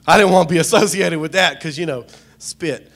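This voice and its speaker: A man's voice: on the high side, fairly quick, a bit bright. Joking preacher man. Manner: joking, storytelling, calls out to the congregation. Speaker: pastor. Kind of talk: humorous sermon.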